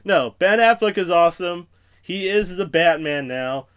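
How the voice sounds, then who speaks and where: A man's voice: high-pitched, lively intonation, a little slow, fairly bright tone, clear, resonant tone. A young man hosting a podcast alone, rambling through profane, self-mocking tangents in casual chat. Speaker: podcast host.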